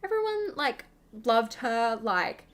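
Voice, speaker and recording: A woman's voice: fairly high pitch, big pitch swings, takes it slowly. A young woman, hosting a gaming channel and chatting casually over gameplay in a rambling way, full of fillers.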